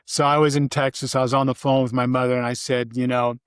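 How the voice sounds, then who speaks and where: A man's voice: little pitch movement, fast talker, clear, resonant tone, dry recording. An older man recalls his life in a casual interview. He rambles with restarts and fillers, and his voice sits in a middle range. The sound is dry and close. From Vermont, USA. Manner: briefly mimics his mother in a high voice. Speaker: interview guest.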